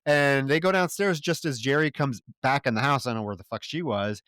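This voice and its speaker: A man's voice: mid-range voice, brisk, fairly bright tone, clean tone, dry recording, clean studio sound. A man co-hosting a casual film-review podcast, recapping plot with sarcastic, profane asides and acting out characters' lines. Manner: acts out characters' lines in quotes. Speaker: podcast co-host.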